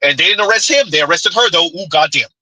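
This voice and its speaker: A man's voice: on the high side, lively intonation, fast talker, sharp tone, no room sound, poor audio. A man hosting a live-stream commentary show, firing off blunt, mocking rhetorical questions with "huh?" asides. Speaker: commentary channel host.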